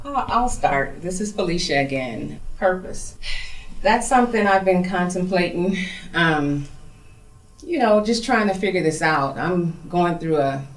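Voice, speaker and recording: A woman's voice: on the low side, lively intonation, unhurried, far from the mic. A woman, a guest in a group talk, speaking in a thoughtful and searching way. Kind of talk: reflective casual talk. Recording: roomy, set back from the mic.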